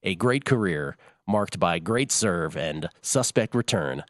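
Low-voiced male sports betting host. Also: expressive, takes it slowly, dry recording, clean studio sound. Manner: rambling, jokey, self-interrupting. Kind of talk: casual sports talk.

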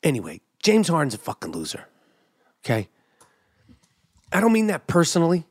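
A middle-aged man hosting a podcast, giving an animated, emphatic sports commentary monologue into a studio mic. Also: fairly high pitch, moderate pace, husky. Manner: animated, emphatic, drops to mock whisper. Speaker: podcast host.

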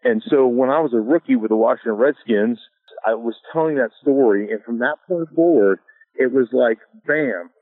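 Over a tinny, dry phone line with no echo, a former pro football lineman from Alaska, middle-aged, spins stories in a relaxed interview. He speaks at a moderate pace with medium pitch, chuckling often and saying "you know" a lot.

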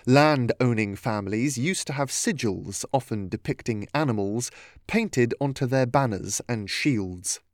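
A man reading a storybook aloud as narrator, in a steady, even manner. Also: mid-range voice, a little slow, dry recording, studio quality.

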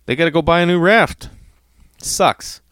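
A man's voice: fairly high pitch, unhurried, clean tone, no room sound, studio quality. A man telling a rambling travel story, swearing freely and acting out what people said. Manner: profane, animated, acts out quotes. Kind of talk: casual storytelling monologue.

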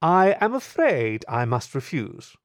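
A man voicing a sly, aristocratic female husky thief with a smooth, teasing voice. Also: a little high, big pitch swings, dry recording, studio quality, heavily acted. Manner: teasing, unhurried.

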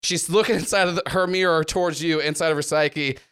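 High bright-voiced male game master. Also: fairly even intonation, fairly quick, smooth. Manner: rambling, filler-heavy narration. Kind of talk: narrating a tabletop game.

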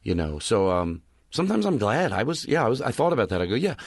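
A man in a close-miked podcast chat, recounting comedy club stories with animated energy. He talks plainly, then works up into loud, ranting bits when he acts out his anger. The sound is dry and close. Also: medium pitch, fast talker, dry recording. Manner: animated storyteller, rants loudly when acting out anger. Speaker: stand-up comedian telling stories.

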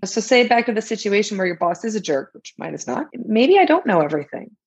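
A woman's voice: mid-range voice, very animated, fast, hardly any pauses, a little mellow, husky, low-quality recording. A woman, an author and coach, talking casually as a podcast guest, laughing often and restarting her sentences.

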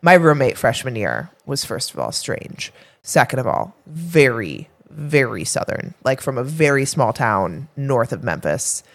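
A woman's voice: a bass voice, sing-song, a little slow. A woman co-hosting a health podcast in casual chat, rambling a little with fillers and restarts. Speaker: podcast co-host, health coach.

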